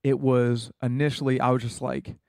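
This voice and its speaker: A man's voice: mid-range voice, little pitch movement, normal speed, creaky, a little mellow, dry recording, clean studio sound. A young American man in a casual interview, earnestly telling a personal story with many fillers. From United States. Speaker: guest.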